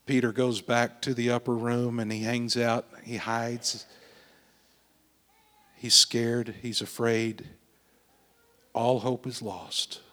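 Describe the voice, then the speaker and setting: Slow, dramatic preacher man. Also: medium pitch, level tone, big-room sound. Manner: dramatic storytelling, swelling then dropping to a hush. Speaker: pastor. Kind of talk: sermon.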